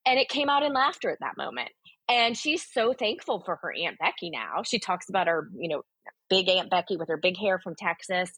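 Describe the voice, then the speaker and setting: A woman's voice: fairly low pitch, fairly bright tone, slightly rough, dry recording. A woman, a guest author on a podcast, telling personal stories in an earnest, emphatic way with frequent fillers. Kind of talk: candid podcast conversation.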